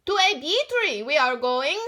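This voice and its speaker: A woman reading a storybook aloud, voicing a curious, eager man on an old bike who calls out loudly. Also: very high voice, sing-song, measured pace, full character voice.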